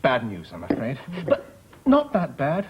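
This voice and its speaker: An actor playing a pompous, self-important middle-aged office manager in a 1990s studio sitcom. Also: male voice, mid-range voice, huge pitch swings, unhurried, background noise. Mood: solemn. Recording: dull broadcast sound, studio audience laughter.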